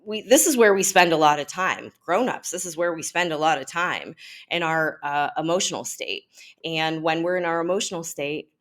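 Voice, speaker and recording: A woman teaching parents in a relaxed, conversational way, often pausing with "um" and checking in with "right?". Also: low-pitched. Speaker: parenting educator. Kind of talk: explanatory talk to parents.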